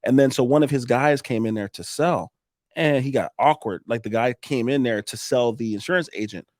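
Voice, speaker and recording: A middle-aged man with a Minnesota accent talks quickly and animatedly, acting out conversations from his roofing sales work. He laughs and swears freely in a casual chat. His voice sits close and dry on the mic. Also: mid-range voice, no echo. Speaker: roofing business owner, podcast guest.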